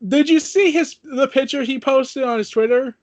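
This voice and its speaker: A man's voice: extremely high pitch, normal speed. A man co-hosting a podcast, chatting about wrestling in a laid-back way with offhand asides. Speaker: podcast co-host. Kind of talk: casual wrestling talk chat.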